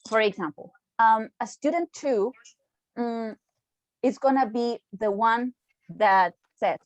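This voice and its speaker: Female lecturer, Costa Rican Spanish accent, Spanish native, chatty and engaging, slightly high voice, dry close sound. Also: slow, dry recording, muffled recording. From Costa Rica. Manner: chatty, often checks in with "okay?". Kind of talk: online lecture.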